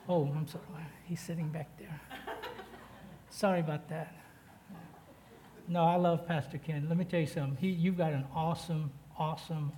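A man's voice: a little high, warm tone, slight background noise. A man preaching a sermon as a guest pastor, breaking into chatty, jokey asides to the congregation and building in force when he reads from the text.

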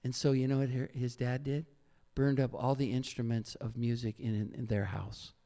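A man preaching a sermon as pastor, telling stories with animated swings and sudden loud peaks. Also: mid-range voice, moderate pace, vocal fry. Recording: long reverb of a large hall.

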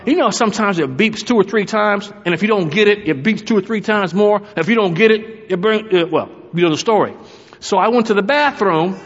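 A man's voice: high voice, a bit bright. A middle-aged man, a pastor, preaching a sermon to his church and telling a humorous story from home. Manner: storytelling with humor, talks to the congregation. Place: church sanctuary. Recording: echoey hall, dull lo-fi sound.

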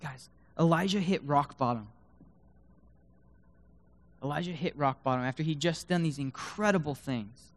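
Man preaching with sudden loud-to-hushed swings. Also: moderate pace, pauses often. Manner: swings from loud emphatic bursts to hushed low tones; reads scripture aloud with dramatic emphasis. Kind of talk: sermon. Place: room with a live audience.

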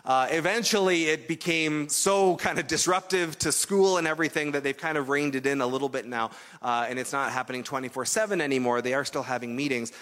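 A man's voice: mid-range voice, brisk, few pauses, fairly bright tone, big-room sound. A man preaching a sermon as pastor, telling a story in a loose, conversational way with fillers and restarts.

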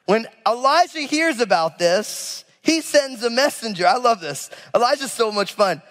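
A man preaching a sermon as a pastor, animated and conversational, acting out the people in the story with casual asides. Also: very high voice, moderate pace, big-room sound. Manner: animated, acts out biblical figures with casual asides.

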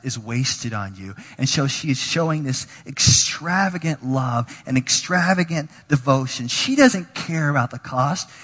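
A man preaching a sermon as pastor, animated, acting out quoted voices and dropping to near whispers. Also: medium pitch, slightly rough, in a large hall.

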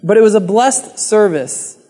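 Male preacher with a very high voice, earnest and chatty with the congregation, church hall reverb. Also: lively intonation, unhurried, dark tone. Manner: earnest, conversational, acts out pleading prayers. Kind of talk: sermon.

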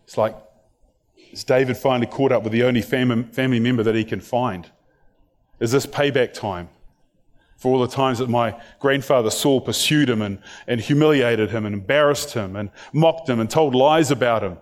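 A man's voice: mid-range voice, normal speed. A man preaching a sermon, retelling a story and acting out what its people think and say. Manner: storytelling, acts out the characters' thoughts and words.

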